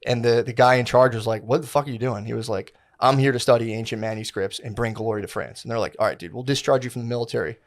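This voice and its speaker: A man's voice: mid-range voice, fast talker, few pauses. Slangy, rambling male podcast co-host. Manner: rambling, slangy, profane, acts out quotes. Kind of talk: casual storytelling chat.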